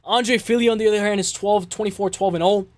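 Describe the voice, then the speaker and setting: A man hosting a casual MMA show, breaking down fights in an excitable way, swearing and repeating himself. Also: high-pitched, fast talker, dry recording. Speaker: MMA podcast host.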